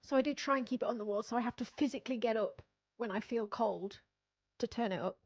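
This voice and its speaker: A woman's voice: a little high, fast, highs cut off. A young woman chatting casually on a livestream, rambling and self-deprecating, laughing often. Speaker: streamer.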